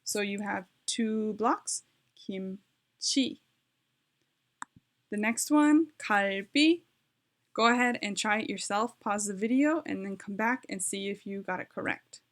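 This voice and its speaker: A woman walks through a beginner lesson at home in a loose, chatty way. She corrects herself mid-sentence as she types, and her voice sits at an ordinary middle pitch. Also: measured pace. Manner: chatty, self-correcting, talks while typing. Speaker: language learning vlogger. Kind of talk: casual tutorial. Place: home, with her dog nearby.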